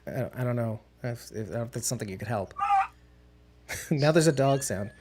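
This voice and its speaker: A man's voice: mid-range voice, expressive, moderate pace, a little mellow, slight background noise. A man hosting a casual podcast, rambling and correcting himself as he goes and laughing often. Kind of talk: casual chat.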